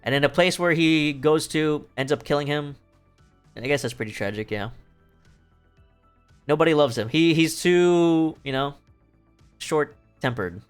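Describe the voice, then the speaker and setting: A man's voice: a little high, animated, unhurried, long pauses, clean tone. A young man streaming, casually retelling a play in a rambling, profane way, laughing often. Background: faint music.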